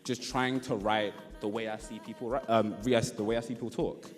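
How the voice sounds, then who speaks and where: Animated man in a reverberant hall. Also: fairly low pitch, a little fast, faint music behind. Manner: animated, laughs often, acts out quotes. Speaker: conference speaker. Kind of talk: conference talk. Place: conference hall.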